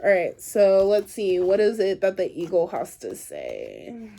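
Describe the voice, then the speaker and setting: Slow, mellow-voiced tarot reader woman. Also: mid-range voice, wildly swooping pitch, vocal fry. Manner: chatty, rambling, filler-heavy. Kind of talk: casual pick-a-card reading.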